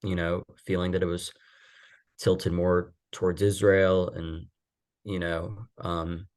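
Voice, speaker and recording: A man on a podcast speaking in a halting, emotional way, with frequent restarts. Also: deep voice, little pitch movement, darkish tone. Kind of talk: conversational podcast talk.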